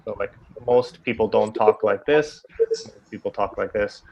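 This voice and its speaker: A man's voice: fairly low pitch, unhurried, darkish tone. A man teaching an English grammar class, explaining patiently and checking often with "right?".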